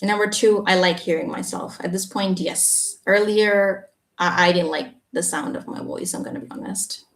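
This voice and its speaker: A woman teaching English on a live stream, explaining patiently and checking in with a quick "yeah?". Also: mid-range voice, fairly even intonation. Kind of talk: live Q&A reading viewer comments. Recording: echoey room, voice a bit far from the mic.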